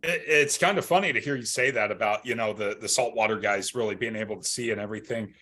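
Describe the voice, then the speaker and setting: A man speaks in a low voice as a guest on a casual podcast. He sounds laid-back, jokes along, and restarts a sentence now and then. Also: quick pace, bright, forceful tone.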